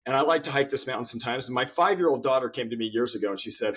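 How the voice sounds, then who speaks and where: A man's voice: mid-range voice, rapid-fire, a bit bright, slightly rough, dull audio. A man, a guest author in an interview conversation, telling stories earnestly and often repeating his words as he goes.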